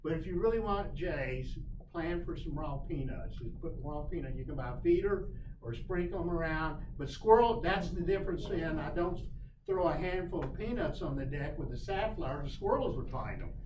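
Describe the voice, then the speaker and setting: A man giving a casual class on backyard birds in a shop classroom, folksy and animated, putting on playful voices for the birds. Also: fairly high pitch, moderate pace. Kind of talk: casual lecture. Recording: roomy, distant mic, noisy.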